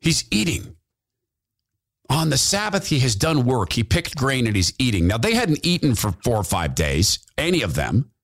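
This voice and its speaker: A man's voice: mid-range voice, big pitch swings, moderate pace, gravelly, hardly any pauses. A man hosting a podcast, giving fervent, repetitive, preachy commentary into a studio mic. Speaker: podcast host. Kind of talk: impassioned political commentary.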